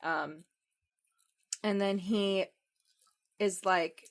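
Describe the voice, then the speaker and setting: A woman's voice: medium pitch, very slow. A young woman co-hosting a podcast, casually retelling a movie plot with laughs and acted-out quotes. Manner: animated, acts out quoted lines with laughs. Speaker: podcast co-host.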